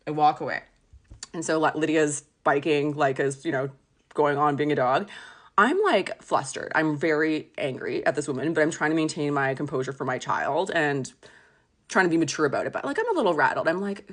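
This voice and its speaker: A woman in her thirties telling a story to camera in a chatty, animated way, full of "like"s. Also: deep voice, brisk. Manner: chatty, animated retelling with many "like"s. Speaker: vlogger. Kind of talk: casual storytime chat.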